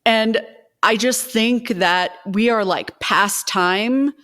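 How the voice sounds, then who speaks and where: A woman's voice: a little high, slow, a bit bright. A woman who co-founded an advocacy group, speaking with passion in a panel conversation, in bursts with many restarts.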